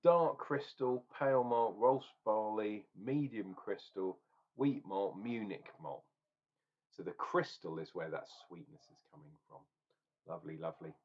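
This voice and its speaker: A man's voice: on the low side, unhurried. Ranting lo-fi man reviewing beer. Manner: ranting, opinionated, swears. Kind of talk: casual beer review vlog.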